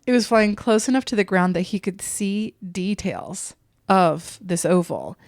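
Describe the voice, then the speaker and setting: A woman co-hosting a podcast, telling a spooky story in a casual, jokey, profane way with quick asides. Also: medium pitch, animated, no echo, studio quality.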